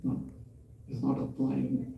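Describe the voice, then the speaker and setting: A man telling a devotional story in a temple talk, animated and acting out the scenes. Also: medium pitch, slow, vocal fry, highs cut off, a little hiss or hum. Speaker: temple speaker. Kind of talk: sermon storytelling. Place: temple hall. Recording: roomy hall from far off.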